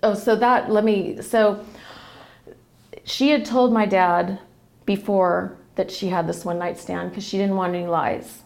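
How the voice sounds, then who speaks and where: A woman's voice: medium pitch, steady tone, a little slow, gravelly, darkish tone. A woman telling a personal family story in a casual, emotional, rambling way with many restarts. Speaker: guest sharing a family story.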